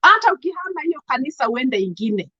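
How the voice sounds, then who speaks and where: A woman with a Kenyan accent and a fairly high voice talks straight to her live-stream viewers, emphatic and outspoken. She slides between English and Swahili as she greets people by name. The audio is a little dull and lo-fi, as from a webcam stream. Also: very animated, a little fast, bright, forceful tone. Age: adult. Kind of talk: casual live-stream monologue.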